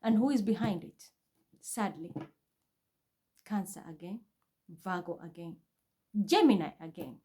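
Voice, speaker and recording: Filming at home, a spiritual reader vlogger delivers an intense, repetitive, accusatory monologue to the camera in an agitated state. Her fairly low voice is warm and expressive, with a measured pace and long pauses.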